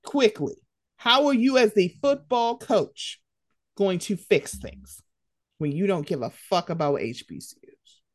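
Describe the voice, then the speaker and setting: A woman co-hosting a podcast, ranting in heated casual commentary, animated and profane. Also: medium pitch, a little slow, dry recording, clean studio sound.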